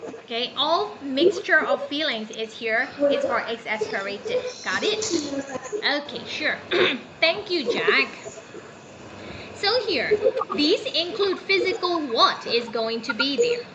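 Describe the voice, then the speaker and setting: Woman, Burmese accent, online class teacher, encouraging, lively pitch, muffled noisy video call. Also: slow. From Myanmar. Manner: encouraging, coaxing. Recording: muffled call audio with background noise.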